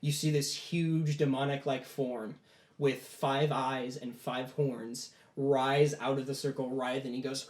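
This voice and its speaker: Casting: male game master, relaxed rambling narration, echoey room. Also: mid-range voice, normal speed. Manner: casual storytelling with many "like" fillers. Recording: roomy echo.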